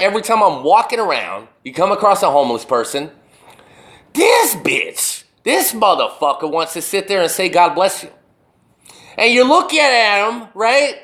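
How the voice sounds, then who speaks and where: A man ranting alone in a profane, animated way, firing off rhetorical questions as a show host. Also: sits high. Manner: burping. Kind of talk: profane solo rant.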